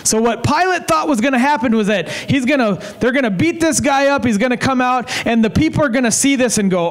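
A male evangelist preaching a revival sermon in a high, light voice. He is fervent and repeats key phrases. He slows to a deliberate pace when he wants a point to sink in. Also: animated, low-quality recording. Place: evening service in a tent.

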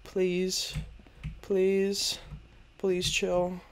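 A man's voice: sits high, monotone, very slow, slight background noise. Frantic, cursing young gamer guy. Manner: frantic, profane, repeats himself in panic. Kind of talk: let's play commentary. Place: bedroom at home.

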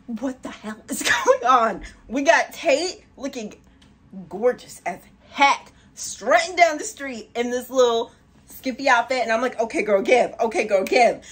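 A woman hosting a music reaction video, talking in a casual, chatty way full of "like" and quick laughs. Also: sits high, slightly rough. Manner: chatty, animated, frequent "like" and laughs. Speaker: music reaction channel host.

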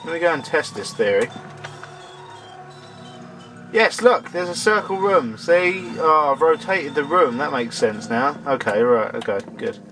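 A man doing let's-play commentary, excitable, swearing at the game and talking to its characters, and a bit hoarse as he loses his voice. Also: on the high side, measured pace, soft background music. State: losing his voice. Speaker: let's player. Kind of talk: gameplay commentary.

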